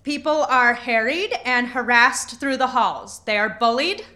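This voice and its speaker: A woman's voice: on the high side, animated, unhurried, pushed and bright. An actress playing an anxious young woman who talks herself into courage. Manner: shaky, self-coaching, earnest.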